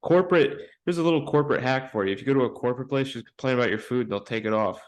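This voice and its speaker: A man's voice: medium pitch, very fast. A man co-hosting a casual podcast from a home mic over a video call. He cracks jokes and pushes back in an argument, keeping it loose and conversational. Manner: joking, argumentative banter. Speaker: podcast co-host. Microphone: remote call mic.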